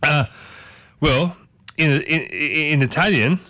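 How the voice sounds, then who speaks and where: Chatty radio host, dry studio sound. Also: male voice, a little high, takes it slowly, pushed and bright, no room sound. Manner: chatty, rambling with restarts, playful asides. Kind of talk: casual morning radio chat. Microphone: studio microphone.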